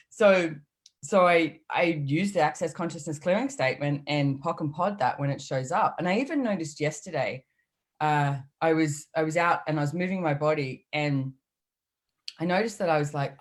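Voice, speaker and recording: A woman's voice: low-pitched, moderate pace. A middle-aged woman speaking in a casual, chatty way as a podcast guest, acting out her inner voices as she talks. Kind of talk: casual chat.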